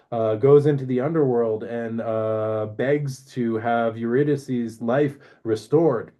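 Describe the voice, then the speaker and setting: A man with a mellow, warm voice musing casually about spiritual growth. His talk rambles, is full of fillers, and he keeps checking in with "right?" His pitch sits right in the middle. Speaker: astrology podcast host.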